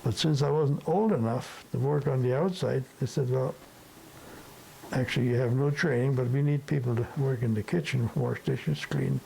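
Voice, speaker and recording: Old guy from the sudetenland spinning a long story, gravelly voice, soft faint hiss behind. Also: mid-range voice, moderate pace, poor audio. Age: older. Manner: rambling, peppered with tag questions. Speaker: interviewee. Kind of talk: storytelling reminiscence.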